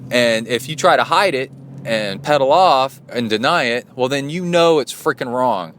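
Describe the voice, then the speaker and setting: A man's voice: medium pitch, lively intonation, moderate pace, a bit bright, slight background noise. Male coach-host, casual storytelling, indignant, rambling delivery with fillers and restarts. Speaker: podcast host and endurance coach.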